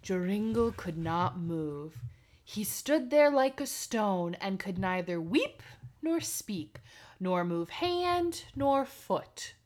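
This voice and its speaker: A woman's voice: medium pitch, very animated, slow pace, a little mellow. A woman co-hosting a podcast who reads a fairy tale aloud and breaks off for dry, joking asides. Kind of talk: casual reading with banter.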